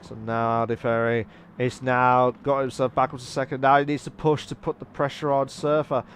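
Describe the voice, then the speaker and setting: A man giving live sim racing commentary in an excitable, rambling way, often correcting himself. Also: mid-range voice, moderate pace, a little hiss or hum. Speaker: race commentator.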